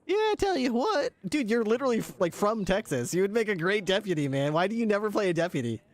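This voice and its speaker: A man chatting casually while streaming a police role-play game, joking and thinking out loud. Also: high-pitched, lively intonation, quick pace. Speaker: streamer playing a police officer. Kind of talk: casual chat while gaming.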